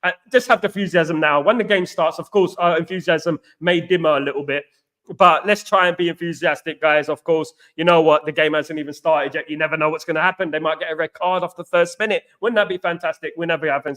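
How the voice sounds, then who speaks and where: A man's voice: on the high side, steady tone, brisk, a bit bright. A man hosting a casual live stream, reading out viewer comments and answering them in a jokey, rambling way, leaning on the same catchphrases again and again. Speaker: host.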